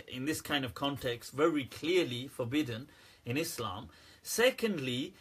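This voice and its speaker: Man, livestream Q&A host, husky voice, candid and animated, laughs a lot. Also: on the high side. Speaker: host answering viewer questions. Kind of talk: casual livestream Q&A commentary.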